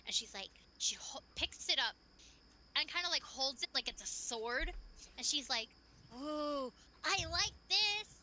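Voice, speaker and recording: A woman's voice: high-pitched, expressive, normal speed, sharp tone, a little hiss or hum. A woman narrating a tabletop game as game master, chatty and loose, full of fillers.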